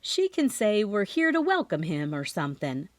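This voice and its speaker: A woman voicing a cheerful young amateur sleuth in an audiobook, with a bright, upbeat delivery. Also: medium pitch, sing-song, normal speed, dry recording, natural voice.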